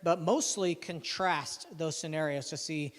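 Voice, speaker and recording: A man preaching a sermon as pastor, in a conversational, animated way with casual asides. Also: on the high side, unhurried, big-room sound. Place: church sanctuary.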